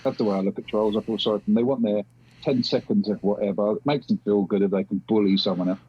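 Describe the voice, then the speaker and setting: A man's voice: fairly low pitch, fairly even intonation, quick pace, husky. A man from the UK guesting on a podcast, talking bluntly and swearing freely in casual chat over a video call. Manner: blunt, sweary, plain-spoken. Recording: dull lo-fi video call audio.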